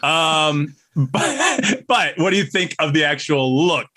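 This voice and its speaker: A man's voice: a little high, very animated, slow pace, bright, forceful tone. A man co-hosting a podcast, chatting casually, teasing his co-host and asking questions. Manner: laughing, asks questions, teases co-host. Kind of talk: casual chat.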